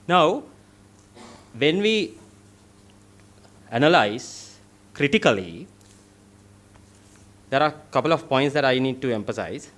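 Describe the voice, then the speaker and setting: A middle-aged man with a Sri Lankan English accent, testifying as a legal officer before a parliamentary committee, reading constitutional clauses in a deliberate, formal way. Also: medium pitch, sing-song, fairly bright tone. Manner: deliberate, formal, reads clauses aloud with stressed words.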